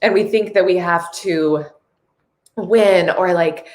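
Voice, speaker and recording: A woman's voice: lowish voice, slow, darkish tone, roomy sound. A woman hosting a casual live stream, earnest and tearful, reading viewer comments aloud.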